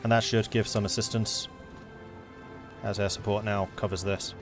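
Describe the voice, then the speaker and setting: A man's voice: on the low side, level tone, moderate pace, music in the background. A man with a South London accent narrating his strategy game playthrough in a playful, theatrical way. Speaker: gaming channel host. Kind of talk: strategy game let's play with dramatic narration.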